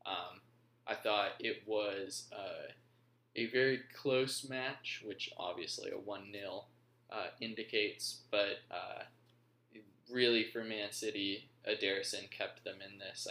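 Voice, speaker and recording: A man's voice: fairly low pitch, measured pace, creaky, bright, forceful tone. A man hosting a casual football recap, rambling with frequent ums. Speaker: podcast host. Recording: roomy echo.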